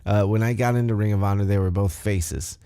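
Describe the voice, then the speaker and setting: Podcast guy rambling thru a recap, warm lowish voice, dry sound. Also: steady tone, a little fast, smooth, no echo. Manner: rambling, conversational, loose storytelling. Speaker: podcast host. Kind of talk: casual wrestling recap.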